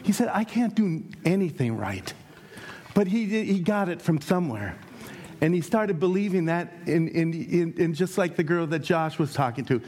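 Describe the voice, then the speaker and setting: A man co-leading a family ministry talk, speaking earnestly and a little haltingly. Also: fairly high pitch, darkish tone.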